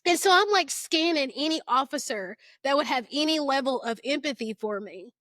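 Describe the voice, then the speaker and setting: High-voiced woman telling a personal story. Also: animated, normal speed, fairly bright tone, no echo, clean studio sound. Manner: earnest, emotional retelling with casual fillers.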